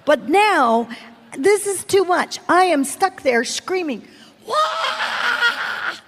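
A high-pitched woman in her forties delivers a sermon testimony, telling her story slowly and with lots of animation. She laughs often as she speaks. Her voice rings out with a long reverb, as in a large hall. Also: lively intonation. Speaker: preacher.

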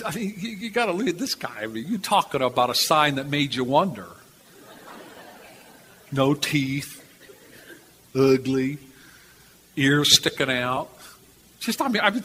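An older man preaching a sermon, telling a story in an animated, repetitive way with chuckles, in a church before a live audience. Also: on the high side. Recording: reverberant hall, faint background noise.

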